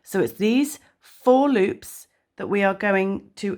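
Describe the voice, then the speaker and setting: A woman with a croaky voice from a sore throat, chatting casually as she hosts a crafting tutorial. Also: medium pitch, slow pace, darkish tone. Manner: chatty, self-deprecating. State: croaky voice from tonsillitis. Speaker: crafting channel host.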